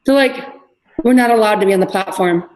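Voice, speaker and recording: A middle-aged woman, a fitness trainer, telling lively stories in a casual podcast chat and acting out what people said. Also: mid-range voice, brisk, poor audio. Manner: animated storyteller, acts out quotes.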